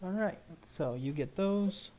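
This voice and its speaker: A man's voice: high voice, animated, takes it slowly, heavy background noise. A man narrating as game master, describing scenes in a loose, rambling way with many restarts.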